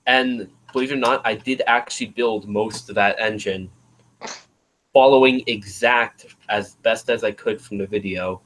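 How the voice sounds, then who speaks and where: A man's voice: fairly low pitch, steady tone, normal speed, fairly bright tone, low-quality recording. A man hosting a casual livestream chat, rambling and trailing off as he searches for words. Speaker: livestream host.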